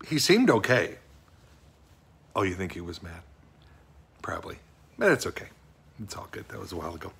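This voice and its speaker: A man's voice: on the low side, a bit bright, breathy edge, heavily acted. A middle-aged man playing a bumbling, sweet office worker in an improvised comic monologue, rambling and fretful as he talks to an unseen wife. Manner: rambling, fretful, easily choked up.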